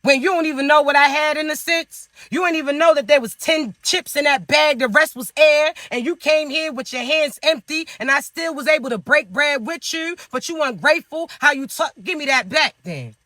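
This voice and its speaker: A man's voice: extremely high pitch, moderate pace, few pauses, sharp tone, no echo. A man giving spiritual advice in a monologue, scolding the listener with teasing rhetorical questions. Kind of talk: motivational monologue to viewers.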